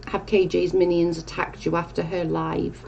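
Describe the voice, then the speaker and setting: A woman's voice: on the low side, flat delivery, normal speed, vocal fry, a little mellow, muffled recording, a little hiss or hum. A young woman casually chatting on a live stream, reading viewer comments and rambling, with casual swearing.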